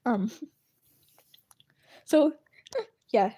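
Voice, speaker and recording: A woman chatting casually on a livestream, addressing her viewers directly and breaking into giggles between sentences. Her voice sits a little on the high side, and her manner stays animated. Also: extremely slow, slightly rough, lo-fi sound. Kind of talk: casual chat.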